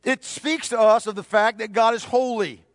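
A man preaching a sermon, emphatic, repeating key phrases and dropping to a hushed voice for stress. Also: high-pitched, fairly even intonation, normal speed, no room sound, clean studio sound. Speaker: pastor.

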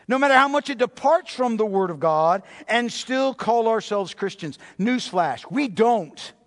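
A man preaching a sermon as a pastor, emphatic, repeating phrases and slowing down to stress key words. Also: very high voice. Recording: long reverb of a large hall.

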